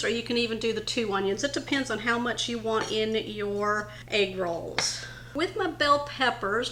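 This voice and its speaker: A woman's voice: on the high side, sharp tone, slight background noise. Chatty woman hosting a cooking show. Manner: friendly, chatty, addresses viewers as you guys. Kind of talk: cooking demonstration. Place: home kitchen.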